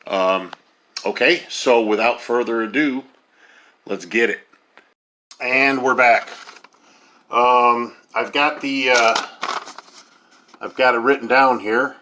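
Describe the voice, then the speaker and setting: Bright-voiced man in his fifties, rambling. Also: mid-range voice, takes it slowly, long pauses. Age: 50s. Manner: rambling, many ums and uhs. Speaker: home cook host. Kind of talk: casual cooking vlog.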